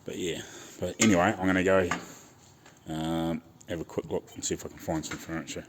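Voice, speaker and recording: A man's voice: sits low, steady tone, a little fast, a little hiss or hum. A man, easygoing, explaining his body work as he does it in his home garage. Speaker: car restorer. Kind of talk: casual workshop commentary.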